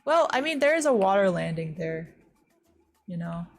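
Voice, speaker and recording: A young American woman from the West Coast, streaming a game and chatting casually, full of "like" fillers and quick gasps and squeals. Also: mid-range voice, big pitch swings, soft background music. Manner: chatty, says "like" a lot, startled gasps and squeals while playing. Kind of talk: casual chat while gaming.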